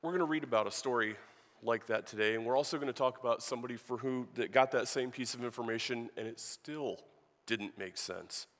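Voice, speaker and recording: A man's voice: mid-range voice, fairly quick, fairly bright tone. A man giving a sermon as a guest preacher in a church, telling a joke and reading scripture in a conversational, storytelling manner. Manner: conversational, storytelling with acted voices. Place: church sanctuary. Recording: long reverb of a church hall.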